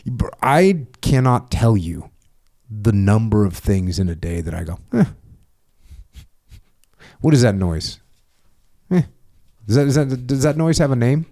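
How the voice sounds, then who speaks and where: A man hosting a podcast, talking bluntly in a casual chat, with drawn-out dismissive grunts. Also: mid-range voice, lively intonation, warm tone. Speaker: podcast host.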